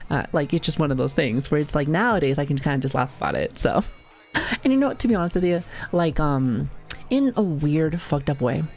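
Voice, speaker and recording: A woman's voice: low voice, sing-song, fairly quick, a little mellow, soft background music. A woman in her thirties chatting casually on a livestream, rambling with lots of "like", swearing and laughing, acting out quotes from her family. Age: 30s. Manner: acts out quoted voices of family. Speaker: streamer.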